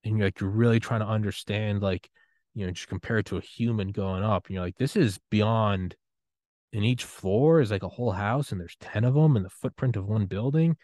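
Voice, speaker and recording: A young man hosting a podcast, giving a rambling, excitable solo rant full of swearing and trailing restarts. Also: lowish voice, a little fast, no echo. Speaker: podcast host.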